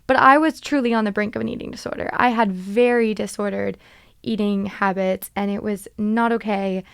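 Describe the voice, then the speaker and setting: Woman, 20s, podcast host; smooth, resonant voice, dry close sound, candid confessional delivery. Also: mid-range voice, normal speed, dry recording. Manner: animated, confessional, laughs at herself. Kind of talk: candid solo podcast talk.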